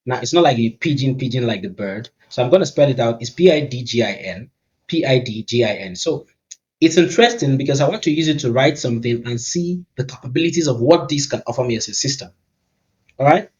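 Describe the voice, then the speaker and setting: A man's voice: mid-range voice, low-quality recording. A man from Nigeria with a Nigerian accent, talking casually and upbeat through a tech tutorial as he thinks aloud. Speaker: tech YouTuber. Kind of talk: casual screen-recording tutorial.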